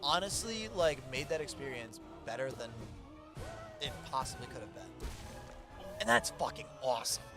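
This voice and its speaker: A young man chatting casually over a gameplay video, excitable, swearing and laughing often. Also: medium pitch, moderate pace, pauses often, over music. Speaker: co-host watching a gameplay playthrough. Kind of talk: casual gaming chat.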